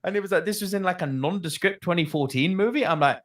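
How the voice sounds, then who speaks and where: A man co-hosting a movie podcast in casual chat, animated and swearing freely. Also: high-pitched, fast talker. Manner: animated, swearing, bursts into loud laughter. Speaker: podcast co-host.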